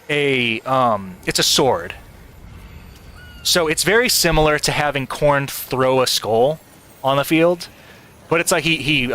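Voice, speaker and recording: Bright-voiced rambling male streamer. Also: mid-range voice. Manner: rambling, stammering, laughing often. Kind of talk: casual live gameplay commentary.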